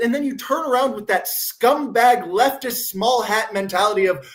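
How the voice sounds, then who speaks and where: Male commentary-stream host with a high voice, sarcastic and mocking ranting. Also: expressive, measured pace. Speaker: podcast host.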